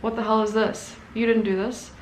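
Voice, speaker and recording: A furious woman art teacher shrieks accusations high and loud, as a storyteller puts her on. The voice rings through an echoey room with a faint hiss behind it. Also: level tone, moderate pace, natural voice. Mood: accusing. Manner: shrill, accusing, shouting.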